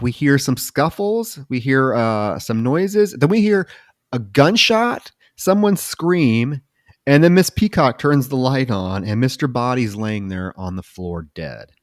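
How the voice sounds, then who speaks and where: Guy on a movie podcast just walking through the plot, relaxed and chatty, super dry close mic. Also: medium pitch, unhurried, dry recording. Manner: recaps plot at length in a loose, chatty way. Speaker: podcast co-host. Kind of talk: casual film discussion podcast.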